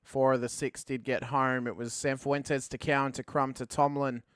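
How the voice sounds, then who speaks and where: A man calling a sim race as play-by-play commentator, rising to excited calls at the finish. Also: medium pitch, moderate pace, clean tone, no echo, studio quality.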